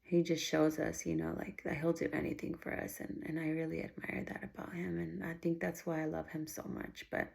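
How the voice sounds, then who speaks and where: Earnest low-voiced woman with gravelly fry. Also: darkish tone. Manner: earnest, rambling, with frequent restarts. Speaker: vlogger. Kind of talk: heartfelt faith-based personal vlog.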